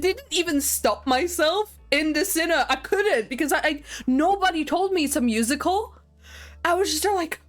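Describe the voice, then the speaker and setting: A woman streaming a game, chatting casually with her viewers in an excitable, talkative way that often breaks into laughter. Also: sits high, moderate pace, faint music behind.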